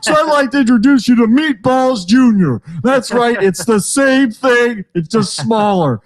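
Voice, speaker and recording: A man putting on a loud Italian infomercial pitchman. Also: animated, measured pace. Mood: hard-sell. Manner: shouty mock Italian accent.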